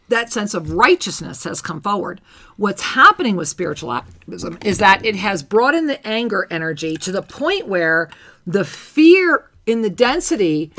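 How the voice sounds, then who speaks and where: A woman's voice: a little high, bright, forceful tone. A woman co-hosting a spiritual talk radio conversation, speaking in an emphatic, teacherly way. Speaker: co-host.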